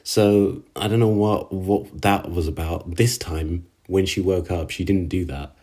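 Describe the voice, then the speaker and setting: A man with a low, warm, mellow voice talks casually through an anime episode. He speaks in slang, stumbles through fillers, and sounds openly exasperated with the characters. It comes across as a relaxed solo reaction recording. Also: measured pace. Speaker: anime reviewer. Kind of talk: casual episode recap and rant.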